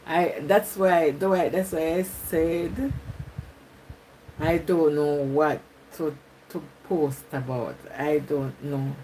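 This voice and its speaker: A woman's voice: low-pitched, steady tone, takes it slowly, dark tone, a little hiss or hum, poor audio. A Jamaican woman chatting with viewers on a live stream, reading comments aloud and laughing often. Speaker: YouTuber.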